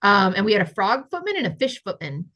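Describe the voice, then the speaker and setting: A woman's voice: mid-range voice, very animated, fast talker, bright, forceful tone. A young woman co-hosting a podcast, casually telling stories in a bubbly, giggly way. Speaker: podcast co-host. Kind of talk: casual chat.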